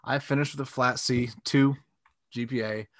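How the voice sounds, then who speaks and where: A man co-hosting a casual sports podcast, talking in a relaxed, rambling way. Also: medium pitch, moderate pace. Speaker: podcast co-host.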